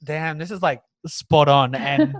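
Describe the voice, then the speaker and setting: A man hosting a podcast, chatty and quick to laugh. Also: fairly high pitch, no room sound, low-quality recording. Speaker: podcast host. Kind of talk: casual chat.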